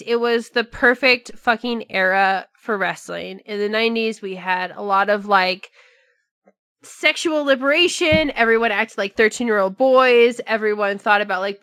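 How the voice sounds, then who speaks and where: A woman co-hosting a podcast, chatting casually in an animated, profane way with mocking asides. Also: a little high, moderate pace, no echo, clean studio sound. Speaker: podcast co-host. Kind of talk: casual chat.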